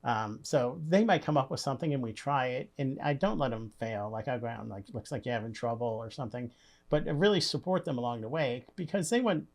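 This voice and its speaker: A man's voice: mid-range voice, a little fast. A man who leads a construction company, a podcast guest telling stories in a friendly, plainspoken way. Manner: friendly, plainspoken, repeats words as he starts. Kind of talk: conversational storytelling.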